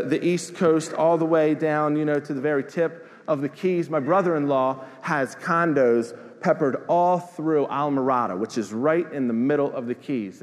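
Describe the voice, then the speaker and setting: Middle-aged male pastor, sermon delivery with call-and-response, echoing church hall. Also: a little high. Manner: preaching with call-and-response asides to the congregation; repeats words and restarts, swings between loud declarations and quieter storytelling. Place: large church sanctuary. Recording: long hall reverb in a church.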